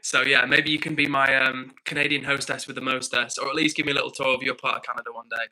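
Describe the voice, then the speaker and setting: A man's voice: medium pitch, little pitch movement, fast, pushed and bright, low-quality recording. A young man hosting a live stream, reading viewer comments in a friendly, upbeat, chatty way.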